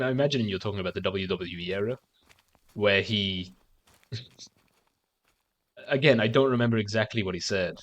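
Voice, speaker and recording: A man's voice: fairly low pitch, a bit bright. A man streaming a game and chatting casually, rambling with stammered restarts and frequent swearing. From outside the United States. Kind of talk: casual chat while gaming on stream.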